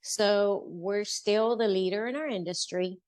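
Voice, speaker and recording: A woman's voice: medium pitch, measured pace, a little mellow. Earnest middle-aged woman telling her story. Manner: earnest, heartfelt, acts out quoted speech. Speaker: podcast guest, business owner. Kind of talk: personal storytelling interview.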